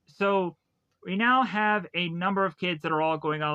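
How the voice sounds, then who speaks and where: A man's voice: high voice, moderate pace, pushed and bright, clean tone. A man reviewing a movie, casually retelling the plot in a rambling way with lots of repeated phrases. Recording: dull lo-fi dry recording.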